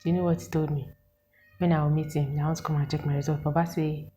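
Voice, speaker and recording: A Nigerian woman in her twenties, telling a story to her viewers in an animated, exasperated way and asking them questions. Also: deep voice, quick pace, slight background noise, poor audio. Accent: Nigerian English with Pidgin words. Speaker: vlogger. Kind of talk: casual storytelling to camera.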